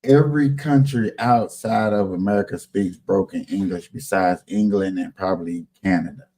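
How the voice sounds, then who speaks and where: A man's voice: low-pitched, fairly even intonation. A man hosting a casual reaction show, joking and drawing out his words for emphasis. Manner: loud, joking, drawn-out emphasis. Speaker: commentary show host.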